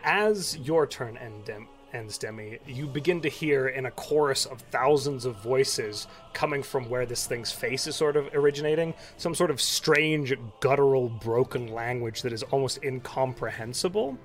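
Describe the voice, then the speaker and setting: A man's voice: mid-range voice, moderate pace, hardly any pauses, soft background music. A man narrating and running a tabletop role-playing game in a playful, encouraging way. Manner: playful, encouraging, laughs often. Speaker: game master.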